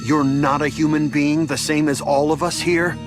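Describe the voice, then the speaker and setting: A man's voice: fairly high pitch, flat delivery, normal speed, close to an everyday voice. A man voicing a wary villager in an anime English dub, speaking directly and suspiciously. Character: wary villager man, protective of his lord. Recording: soundtrack music behind.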